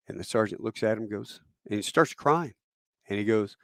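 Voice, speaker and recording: A man with a fairly low voice tells a story in a relaxed, conversational way. He slips into the voices of the people he quotes. The recording is dry and close. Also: moderate pace, clear, resonant tone, dry recording. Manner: casual retelling, acting out the quoted voices. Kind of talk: spoken anecdote.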